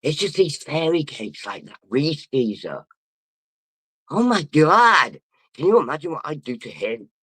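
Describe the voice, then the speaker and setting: A man's voice: a little high, very animated, unhurried, fairly bright tone, breathy edge, no echo. A drunk man rambling and swearing as he chats on a livestream and reads out comments. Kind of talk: casual livestream chat, reading comments.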